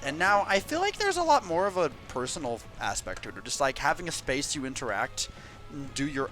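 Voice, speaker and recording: Guy streamer just chatting, bright voice, soft game music behind. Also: a little high. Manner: chatty, laughs often, reads game lines aloud in voices. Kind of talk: casual chat while playing and voicing game dialogue.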